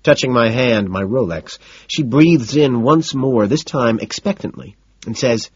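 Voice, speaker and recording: A man narrating a novel in the first person in a cool, detached, deadpan manner. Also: mid-range voice, unhurried, breathy edge, dry recording, dull audio. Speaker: audiobook narrator.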